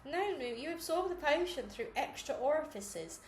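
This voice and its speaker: A woman's voice: high voice, expressive, normal speed, pitched above the performer's own voice. Woman doing a kind, flustered carer, fussing, echoey. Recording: echoey room with faint noise.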